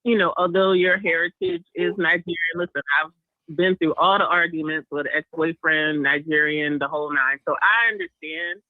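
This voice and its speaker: Brief: male podcast co-host, calm and conciliatory, high voice, tinny phone-like sound. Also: moderate pace, no echo. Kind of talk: podcast talk. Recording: phone-like thin line.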